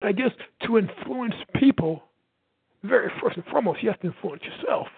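A man from the United States, a sales coach and podcast host, giving a loud, fast, energetic motivational talk. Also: high voice, gravelly, slightly rough, no room sound. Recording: tinny phone-like line, dry.

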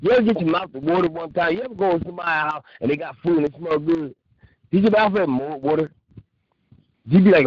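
A man hosting a call-in radio show, talking loudly and excitedly, laughing and shouting often. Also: on the high side, fast, dry recording, dull audio.

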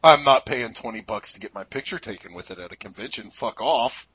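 A man's voice: fairly low pitch, expressive, brisk, fairly bright tone, slightly rough, dry recording, muffled recording. A man co-hosting a casual movie commentary podcast, blunt and sarcastic, swearing constantly. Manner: profane, blunt, sarcastic jokes. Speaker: podcast co-host.

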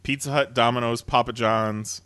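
A man hosts a podcast in casual chat, full of fillers and frequent laughter. His medium-pitched voice is clear, resonant and a bit bright, with fairly even intonation and a moderate pace, captured in clean studio sound with no room sound.

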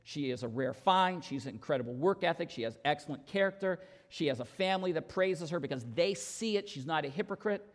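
Gravelly preacher in a reverberant church. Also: male voice, a little high, animated, a little fast, hardly any pauses. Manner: earnest, storytelling preacher. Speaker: pastor. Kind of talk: sermon. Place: church sanctuary. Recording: long reverb in church hall.

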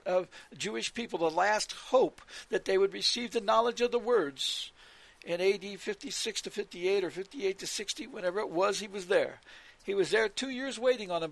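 A man's voice: high-pitched, gravelly. A man preaching on scripture, repeating his points with emphasis and citing verses as he goes. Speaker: religious radio teacher.

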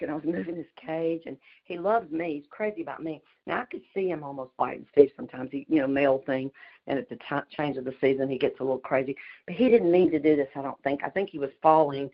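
A middle-aged woman, chatting fast and laughing through a story on a group call. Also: low voice. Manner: fast-talking, chatty, laughs mid-sentence. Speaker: community call participant. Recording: dull lo-fi call audio.

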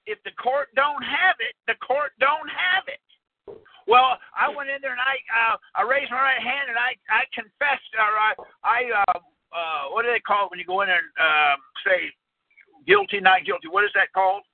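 High-voiced folksy man on a phone line. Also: moderate pace, no echo. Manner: folksy, rambling, asks the audience questions. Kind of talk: folksy lecture to a small audience. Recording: tinny phone-line recording, dry.

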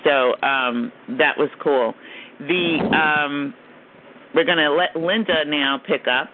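A man's voice: a little high, slow pace. Man host on a tinny call. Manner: warm, encouraging, praises readers. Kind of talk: casual chat. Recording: tinny phone line with faint noise.

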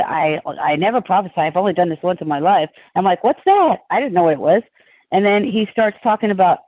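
A woman guest on a podcast, telling long rambling stories in a casual, animated way. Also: mid-range voice, no echo, muffled recording. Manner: rambling, animated, digressive storytelling.

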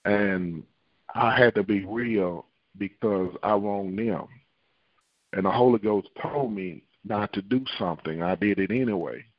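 A man's voice: fairly low pitch, a little slow, dry recording, highs cut off. A man preaching and praying fervently, repeating phrases, on a call line. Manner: fervent, repetitive prayer with tongues. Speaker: prophet and preacher. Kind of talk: prayer and sermon on a phone line.

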